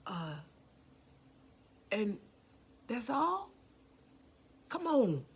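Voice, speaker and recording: This sermon comes from a woman pastor whose husky, high-leaning voice is very animated yet extremely slow. She preaches with passion, calling out to the congregation and at times dropping to a near-whisper for emphasis.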